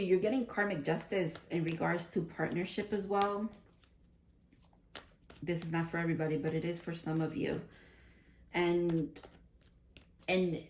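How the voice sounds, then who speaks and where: A woman's voice: fairly low pitch, slight background noise. A woman giving a casual spiritual tarot card reading, chatty and giggly, thinking aloud and often restarting her sentences. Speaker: tarot reader.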